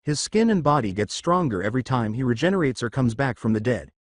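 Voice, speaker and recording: A calm teenage boy hero, as a man reads him aloud, level and matter-of-fact. The reading swings in pitch and sits in a dry, close space. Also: quick pace, no room sound, natural voice. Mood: explaining.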